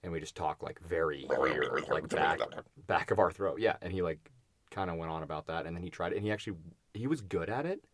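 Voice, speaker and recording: A young man with a very low voice, talking in a loose, rambling way full of restarts and "like"s as he co-hosts a podcast. The sound is dry and close, with no room echo. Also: expressive, a little fast. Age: young adult. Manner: rambling, lots of fillers and restarts. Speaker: podcast co-host. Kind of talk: casual chat.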